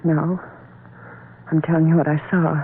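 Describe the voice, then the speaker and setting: A woman's voice: low voice, level tone, moderate pace, slightly rough. An actress playing a frightened young woman trapped in a tunnel, breathless and pleading, in a 1930s radio horror drama. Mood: insistent. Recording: lo-fi, phone-like old radio transcription with faint hiss.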